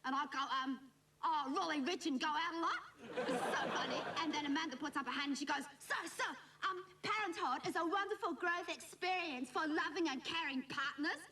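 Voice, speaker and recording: Whiny aussie teen girl, high squeaky voice, bit far off the mic. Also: fairly quick, bright, forceful tone, a faint crowd. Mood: whingeing. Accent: Australian. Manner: gossipy, rambling, mimics others. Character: bratty young teenage Australian schoolgirl, cheeky and whingeing. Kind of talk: comic monologue to camera. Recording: noisy old TV recording from a distant mic.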